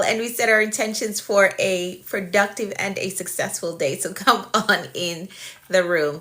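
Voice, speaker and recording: A woman's voice: mid-range voice, pushed and bright. A woman in her forties, a life coach hosting a live stream, greeting viewers in an upbeat, welcoming way and repeating her greetings.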